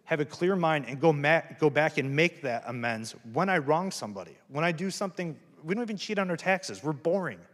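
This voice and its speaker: A man's voice: fairly high pitch, lively intonation, a little fast, few pauses, fairly bright tone. A man giving a candid, earnest talk about recovery to an audience, self-deprecating and plain-spoken. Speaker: recovery speaker at a campus event. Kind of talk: personal testimony talk. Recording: hall reverb.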